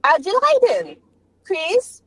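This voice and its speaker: A woman voicing a chirpy, brisk room service lady at a hotel. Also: extremely high pitch, very animated, fairly bright tone, dry recording, voice pushed up, full character voice.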